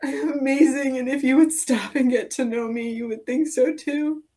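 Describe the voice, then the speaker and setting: A woman client in a coaching session, speaking in a halting, emotional way and slipping into whispers. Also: sits high, steady tone, mellow. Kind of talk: therapeutic affirmation exercise.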